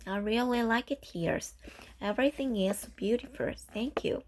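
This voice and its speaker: A woman's voice: a little high, normal speed, slight background noise, natural voice. A woman voicing an emotional, talkative orphan girl in a storybook reading, tearful and pleading. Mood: eager. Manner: tearful, pleading, then gushing.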